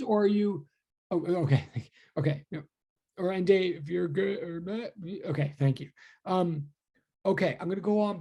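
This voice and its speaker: Husky, chatty woman teaching physics. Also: mid-range voice, warm tone. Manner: chatty, self-deprecating, rambling asides. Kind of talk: online lecture.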